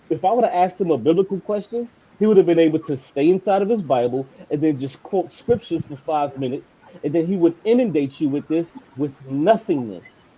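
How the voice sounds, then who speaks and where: A man's voice: fairly high pitch, warm tone, husky, lo-fi sound. A man calling in to an online debate show, insistently repeating his questions. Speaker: caller.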